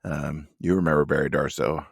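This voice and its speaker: Man, podcast co-host, very low voice, rambling dry humor, dry close recording. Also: steady tone, brisk, gravelly, slightly rough, no room sound. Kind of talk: casual chat.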